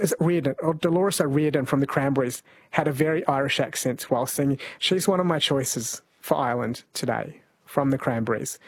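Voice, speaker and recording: A New man hosting a radio quiz, chatty and quick to laugh as he reads listener texts. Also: fairly high pitch, slightly rough, no room sound. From New Zealand. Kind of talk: casual radio chat. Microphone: studio microphone.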